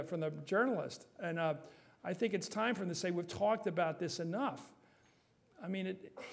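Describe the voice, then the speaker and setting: Emphatic fast-talking man at a forum. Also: high voice. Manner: emphatic, rapid-fire, animated, quick to joke. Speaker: guest speaker answering audience questions. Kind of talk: forum Q&A, off-the-cuff answers. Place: university forum hall.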